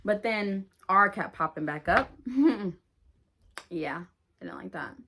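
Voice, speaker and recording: A woman's voice: medium pitch, expressive, slow, noisy background. A young adult woman vlogger in a chatty, slangy storytime who laughs at herself. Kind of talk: casual storytime.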